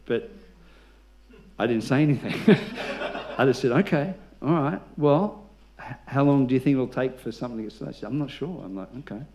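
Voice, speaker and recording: A man's voice: medium pitch, darkish tone. A male pastor preaching a sermon, telling stories with humor and leading the congregation in call-and-response.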